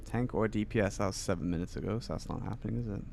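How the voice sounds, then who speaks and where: A man's voice: lowish voice, racing, creaky, background noise. Rambling man streaming a game. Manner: rambling, many fillers and restarts. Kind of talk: casual chat while gaming.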